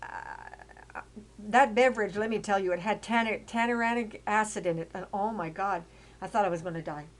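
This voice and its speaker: A woman's voice: mid-range voice, normal speed. Older woman telling her story, rambling. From Canada. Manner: rambling, frequent fillers and restarts; grows loud and emphatic when indignant. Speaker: autobiographical storyteller. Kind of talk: casual narration over photos.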